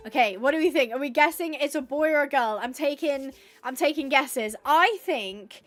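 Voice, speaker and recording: High-voiced woman streamer, chatty and cooing, casual live chat over faint music. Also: a little slow. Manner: chatty, reads out chat suggestions, coos at animals. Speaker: livestreamer playing a horse-rescue game.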